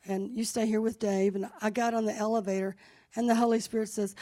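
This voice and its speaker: A woman speaks to a church congregation in a slightly high, mellow voice. She tells personal stories in a loose, chatty way. When she turns to prayer, she grows fervent and commanding. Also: flat delivery, a little fast. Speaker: church leader. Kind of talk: conversational sermon with testimony. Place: church sanctuary.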